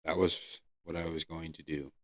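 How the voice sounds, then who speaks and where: A man hosting his own podcast, earnestly telling his personal recovery story with pauses and fillers. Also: extremely low pitch, little pitch movement, a bit bright, dry recording, clean studio sound. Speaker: podcast host. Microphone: close podcast mic.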